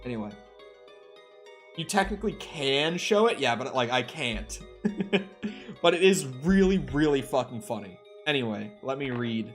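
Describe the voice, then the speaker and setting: A young man streaming a game, telling a long funny story in a lively, laughing way and swearing casually. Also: medium pitch, moderate pace, long pauses, faint music behind.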